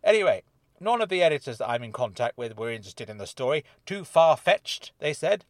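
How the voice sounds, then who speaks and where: A man voicing an eager, chatty freelance reporter in an audiobook, talking in an animated, jovial and theatrical way. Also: mid-range voice, brisk, dry recording, clean studio sound, natural voice. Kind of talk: audiobook character voice.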